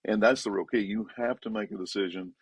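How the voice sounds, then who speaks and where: A low, gravelly man talks like a pastor in casual conversation. He is emphatic and repeats himself, his pitch leaping up on the words he stresses. The recording is dry, with no room sound. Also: fairly even intonation, fast talker, dry recording. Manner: emphatic, repetitive, rising pitch when stressing points.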